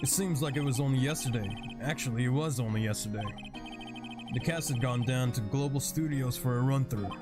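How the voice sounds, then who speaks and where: A man voicing a big, timid, gentle male TV actor who speaks hesitantly and apologetically, with music playing behind. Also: mid-range voice, close to an everyday voice.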